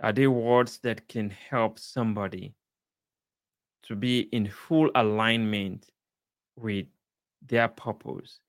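Slow, earnest man giving life advice. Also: on the low side, fairly even intonation, dry recording, studio quality. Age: adult, father of a young child. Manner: earnest, encouraging, measured with emphatic repeats. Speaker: speaker sharing life advice. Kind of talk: slow inspirational talk.

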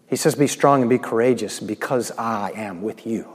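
A man's voice: mid-range voice, normal speed, few pauses, slightly rough. Preaching man in a reverberant hall. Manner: swings between loud proclamation and soft, hushed asides. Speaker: pastor. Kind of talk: sermon.

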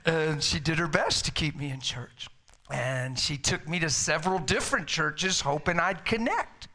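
A middle-aged man preaching a sermon in an energetic, emphatic, conversational way. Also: a little high, moderate pace.

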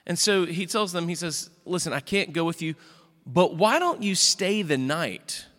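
A man preaching a sermon, retelling a Bible story with lively asides and quoted characters. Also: normal speed. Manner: animated storytelling, jumps into high voices for quoted characters. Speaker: pastor. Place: church sanctuary. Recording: church hall reverb.

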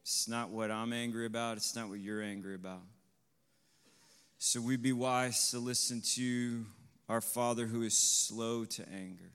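Male preacher, unhurried sermon delivery, smooth resonant tone, surging to loud peaks, long reverb of a hall. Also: steady tone. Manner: swells to loud, high emphatic peaks; asks the congregation questions, adds "right?". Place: congregation hall.

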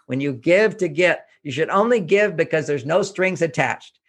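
A man's voice: on the high side, expressive, moderate pace, fairly bright tone, slightly rough. An older man from Houston, Texas, an author speaking as an interview guest, giving earnest, emphatic self-help advice and repeating his points.

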